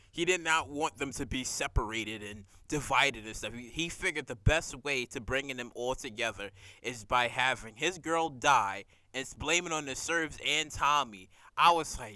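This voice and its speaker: A man recapping a TV episode in casual, profane chat, animated and laughing as he acts out scenes. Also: medium pitch, normal speed, no echo.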